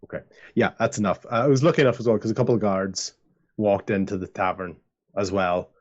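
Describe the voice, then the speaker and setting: A man's voice: fairly low pitch, fairly even intonation, fast, highs cut off. A man narrating as game master of a tabletop game, rambling with lots of fillers.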